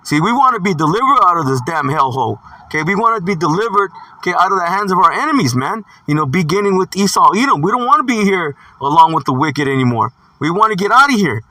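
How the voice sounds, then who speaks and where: Emphatic man preaching, slightly high voice. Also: animated, fast talker, sharp tone, dry recording, recorded from a distance. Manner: emphatic, punctuates with "see" and "man". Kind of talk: scripture teaching sermon.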